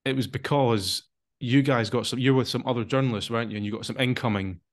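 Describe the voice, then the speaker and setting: Hesitant male podcast host. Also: medium pitch. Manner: hesitant, halting, many fillers and restarts. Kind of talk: casual interview questions.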